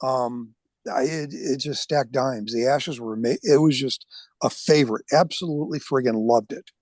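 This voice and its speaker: A man's voice: medium pitch, normal speed, darkish tone, dry recording. An older man chatting as a podcast guest, blunt and enthusiastic, swearing casually. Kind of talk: casual chat.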